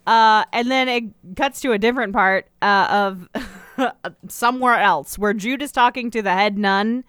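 A woman co-hosting a podcast, summarizing a TV episode in casual chat with a wry, deadpan manner. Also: medium pitch, a little slow, clear, resonant tone, dry recording. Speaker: podcast co-host.

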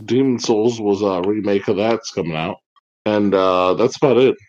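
A man's voice: fairly low pitch, moderate pace, darkish tone, dull audio. A man in a casual podcast chat, reacting wryly and in disbelief.

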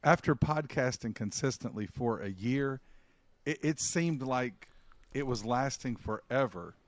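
A man's voice: mid-range voice, lively intonation, unhurried, no room sound. A man co-hosting a podcast, speaking earnestly and encouragingly in casual chat. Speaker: podcast co-host.

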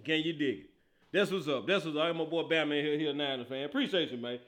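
Guy hosting a football podcast, laughs a lot, bright tense tone. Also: fairly high pitch, fast talker. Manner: animated, laughing often, slangy banter. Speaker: podcast host. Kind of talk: casual football talk show.

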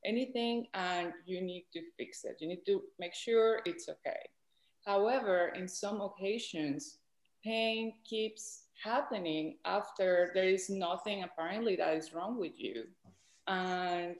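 Colombian-accented woman doctor, lowish voice, patient explainer, roomy echo. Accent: Colombian Spanish. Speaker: doctor guest. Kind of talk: explaining in an interview.

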